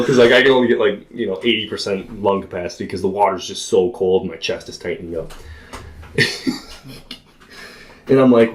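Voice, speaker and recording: A young man, a podcast guest, telling a story in casual chat with animated delivery, frequent laughs and many filler words. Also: sits low, normal speed, slight background noise.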